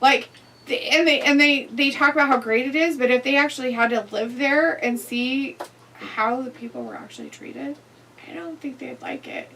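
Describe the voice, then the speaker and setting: A high-pitched woman chats casually on a live stream and reads viewer comments aloud, with frequent giggles. She sits some way back from the microphone, so her voice sounds distant. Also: normal speed, gravelly, pushed and bright, slight background noise. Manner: giggly, laughs often between comments. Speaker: live-stream co-host reading chat.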